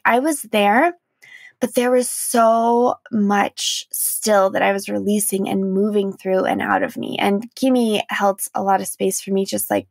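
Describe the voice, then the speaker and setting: A young adult woman hosting her own podcast, talking through her feelings in a candid, emotional monologue with frequent "like"s and soft laughs. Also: medium pitch, creaky, no echo. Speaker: podcast host. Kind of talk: reflective solo podcast monologue.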